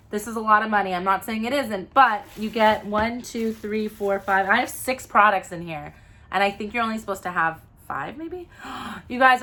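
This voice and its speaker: A woman vlogging a makeup unboxing in a casual, gushing, excitable way, often gasping. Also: mid-range voice, a little hiss or hum. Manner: gushing, excitable, gasps and squeals. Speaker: mom vlogger.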